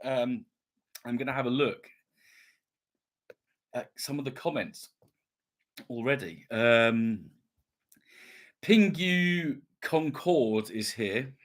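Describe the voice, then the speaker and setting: A man's voice: medium pitch, slow, pauses often. Chatty man reading comments. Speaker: YouTube channel host. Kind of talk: casual live stream chat.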